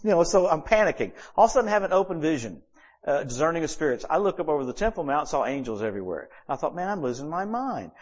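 A pastor preaches to his congregation, telling his stories in an animated way. His voice sits fairly high for a man, and it swings up and down in pitch and loudness. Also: rapid-fire. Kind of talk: sermon.

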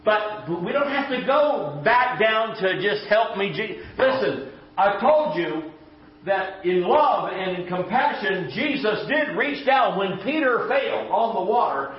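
A man preaching a conversational sermon in a church, folksy and emphatic, with quick asides. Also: sits high, lively intonation. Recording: echoey church room, dull lo-fi sound.

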